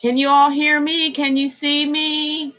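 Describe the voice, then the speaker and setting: Woman livestream host, higher voice, chatty and giggly, greets viewers by name, casual home-room chat. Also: little pitch movement, unhurried, bright, forceful tone, muffled recording. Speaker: tarot reader hosting a livestream. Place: indoor room with air conditioner and fans.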